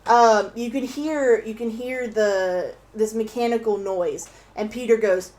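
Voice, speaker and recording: A young woman chatting casually at home as a stream guest, excitable and swearing freely, sometimes bursting into loud laughing shouts. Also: a little high, normal speed. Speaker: guest co-host on an art stream. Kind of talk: casual chat.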